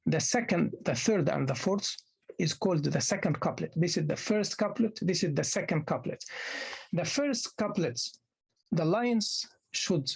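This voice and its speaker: A man's voice: high-pitched, creaky, husky. A man giving a lecture in a patient, explaining way, repeating key terms and often restarting his phrases. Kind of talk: classroom lecture.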